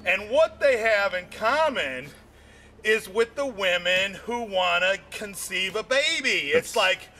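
A man with a very high, bright voice rambles through a stand-up comedy routine. He talks slowly and keeps circling back with "you know". His voice climbs even higher as he gets worked up. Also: a little hiss or hum. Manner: voice jumps high when excited.

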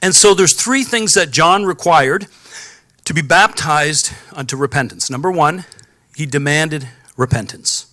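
Bright-voiced man preaching a sermon. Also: on the high side, measured pace, no echo, clean studio sound. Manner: calls out to the congregation for responses. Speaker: pastor. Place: church sanctuary.

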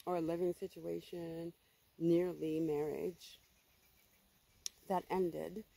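A woman's voice: fairly low pitch, little pitch movement, slow pace, gravelly, warm tone, low-quality recording. A woman giving a casual tarot reading for viewers, blunt and emphatic, swearing freely and repeating herself for stress. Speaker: tarot reader.

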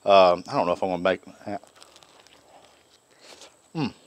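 A deep-voiced man speaking a little slowly hosts a casual cooking channel vlog. He is folksy and enthusiastic, with Southern phrasing, while a griddle sizzles nearby.

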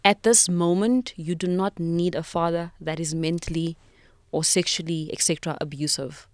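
A woman's voice: on the low side, fairly even intonation, moderate pace, no echo, studio quality. A South African woman in her thirties, a podcast guest, tells a personal story with emotion, reflection and frequent restarts.

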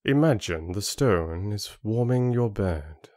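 A man voicing a calm, patient middle-aged father with a measured, gentle way of speaking in an audiobook. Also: lowish voice, no room sound, clean studio sound.

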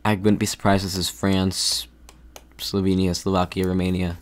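A man's voice: low-pitched, little pitch movement, moderate pace. A man giving thinking-aloud commentary while playing a geography game, hesitant and full of restarts. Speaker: gaming video creator.

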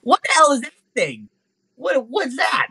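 A man's voice: very high voice, unhurried, gravelly, dry recording, voice pushed up, exaggerated voice. A man doing a gushing, lovestruck little monkey. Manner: gushing, excitable, bragging. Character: lovestruck little male white monkey, eager and boastful.

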